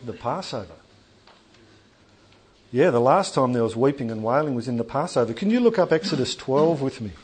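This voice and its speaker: A man preaching a sermon to a congregation in a church hall, conversational and animated, joking with the room. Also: mid-range voice, moderate pace, long pauses, a little hiss or hum.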